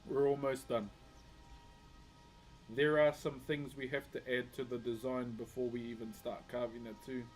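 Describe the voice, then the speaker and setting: A man's voice: mid-range voice, flat delivery, normal speed, soft background music. A man with a New Zealand accent, chatting casually with viewers on a live stream while he works on wood carving, calling everyone bro. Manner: laid-back, chatty, greets viewers as bro.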